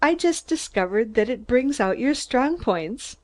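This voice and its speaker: A woman's voice: on the high side, animated, measured pace, a little mellow, pitched above the performer's own voice. A woman voicing a spirited teasing young woman. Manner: teasing, lilting.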